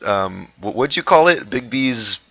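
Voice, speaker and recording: A man's voice: medium pitch, animated, measured pace, gravelly, bright, forceful tone, breathy edge. A young man running a tabletop game as dungeon master, hesitant and full of fillers. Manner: hesitant, many fillers and restarts, laughs often. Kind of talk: casual tabletop game talk.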